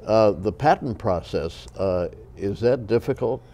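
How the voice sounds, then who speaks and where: A man hosting a TV interview show, speaking in a measured, courteous way with hesitant pauses. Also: lowish voice, lively intonation, warm tone. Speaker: TV interview host.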